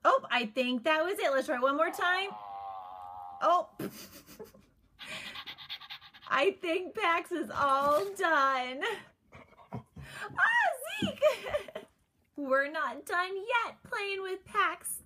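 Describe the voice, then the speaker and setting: A woman's voice: very high-pitched, big pitch swings, slow pace, sharp tone, slight background noise. A woman narrating a toy unboxing off camera, gushing and giggly in a sing-song way. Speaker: toy reviewer.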